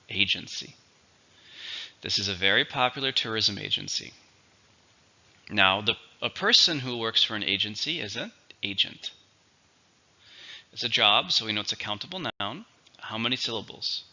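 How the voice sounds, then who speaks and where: A man teaching English vocabulary in a recorded lesson, patiently repeating each word slowly for learners. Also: fairly low pitch, bright, forceful tone, lo-fi sound.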